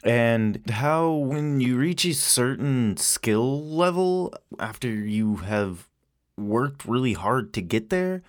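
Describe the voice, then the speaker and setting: A man's voice: medium pitch, animated, slow, dry recording, studio quality. A man giving a blunt, heated warning at the start of his podcast, poking fun at himself. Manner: blunt, heated, self-mocking. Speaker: podcast host. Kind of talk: spoken warning intro.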